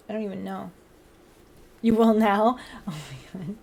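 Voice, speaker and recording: A woman's voice: mid-range voice, level tone, normal speed, vocal fry, a little mellow. A young woman hosting a casual livestream, chatting and laughing, cooing at her cats between remarks to viewers. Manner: giggly, chatty, baby-talks to her cats. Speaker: livestream host.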